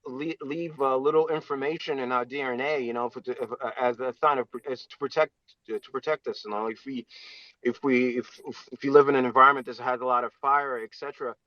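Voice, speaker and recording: Halting man on a muffled call. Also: mid-range voice, steady tone, no echo. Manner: halting, many fillers and restarts. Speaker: audience speaker. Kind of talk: casual live audio chat. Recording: dull dry lo-fi online call audio.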